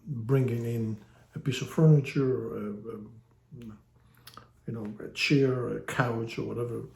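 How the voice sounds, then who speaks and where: A man's voice: medium pitch, steady tone, a little slow, gravelly, darkish tone. A man giving a casual online language lesson, explaining patiently with wry, joking asides. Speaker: language teacher. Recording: echoey room.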